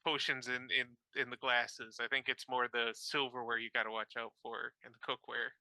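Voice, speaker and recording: A man's voice: medium pitch, flat delivery, normal speed, sharp tone, no echo, poor audio. A man playing in a tabletop game, bantering and joking in character. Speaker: player.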